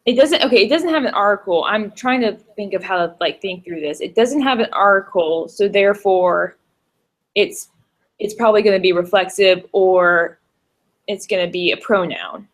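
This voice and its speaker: A woman's voice: mid-range voice, moderate pace. A woman student in a tutoring session, thinking aloud and asking hesitant questions.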